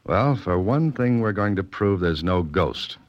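An actor playing a wry, self-assured detective in a 1940s radio drama, dry and commanding. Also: male voice, sits low, lively intonation, a little slow, no echo, lo-fi sound. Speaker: private detective.

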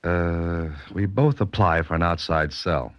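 A deep, wisecracking detective. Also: male voice, a little slow, no room sound, highs cut off. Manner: dry, wisecracking and commanding. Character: wry, self-assured male detective. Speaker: private detective. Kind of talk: 1940s radio acting.

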